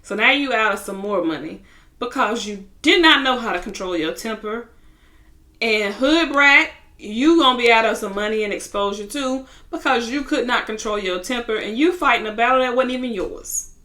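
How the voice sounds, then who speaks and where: A young woman in a casual vlog, retelling a reality show episode with lively, slangy asides. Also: a little high, moderate pace. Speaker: TV show reviewer.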